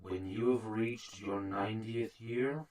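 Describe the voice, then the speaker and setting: Man doing a scornful ninety-year-old military interrogator, slow and clipped, with crowd chatter behind. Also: lowish voice, fairly even intonation, far from the mic. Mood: stern. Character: ninety-year-old male soldier interrogator, stern and contemptuous.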